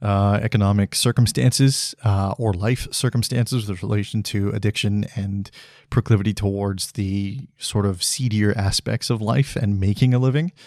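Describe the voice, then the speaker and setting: A man in his thirties talks alone into the mic in a low, soft-edged voice with a mellow tone. He sounds blunt and frustrated, swearing often and stopping to restart his sentences. The sound is dry and close, with no room around it. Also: fairly even intonation, moderate pace, dry recording. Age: 30s. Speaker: podcast host. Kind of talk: solo podcast monologue.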